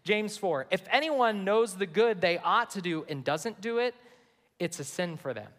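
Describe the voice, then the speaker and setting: A man's voice: high-pitched, animated, moderate pace, a bit bright. A man, a pastor, preaching an earnest sermon to his church and reading scripture aloud. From United States. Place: large church sanctuary. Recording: long hall reverb.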